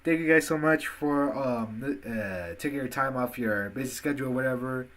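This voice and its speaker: A man's voice: medium pitch, moderate pace, fairly bright tone. A young man hosting a casual podcast, rambling with lots of fillers and restarts on a home computer mic. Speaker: podcast host.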